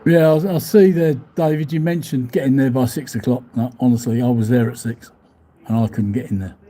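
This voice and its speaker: A man's voice: mid-range voice, fairly even intonation, brisk, dark tone. A man chatting casually on a live stream from a hotel room, rambling, laughing often and swearing mildly as he reads out viewer comments. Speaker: vlogger reading live chat. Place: hotel room overlooking the seafront.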